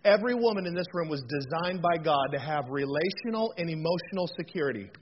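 Male pastor, forties, animated storytelling sermon; higher voice, muffled recording. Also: fast. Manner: animated, jokey storytelling with audience call-outs. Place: church hall. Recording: dull lo-fi recording, faint noise.

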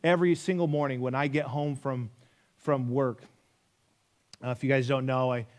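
A man's voice: medium pitch, steady tone, normal speed. A man in his thirties preaching a sermon, emphatic, repeating key phrases and asking rhetorical questions. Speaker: pastor.

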